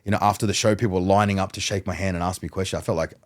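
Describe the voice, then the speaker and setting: A low-pitched man talks in a relaxed podcast chat. He tells lively stories and slips into other people's lines as he goes. His voice sits deep and steady under the anecdotes. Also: rapid-fire. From Australia. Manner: animated storyteller who acts out dialogue. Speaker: guest mentalist. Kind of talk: casual podcast conversation.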